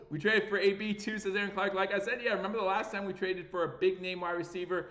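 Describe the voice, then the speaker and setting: Excitable sports livestream host, echoey room. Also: male voice, high voice, fast, hardly any pauses. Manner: excitable, reads viewer chat aloud, voice jumps up with breaking news. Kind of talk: live sports talk reading chat.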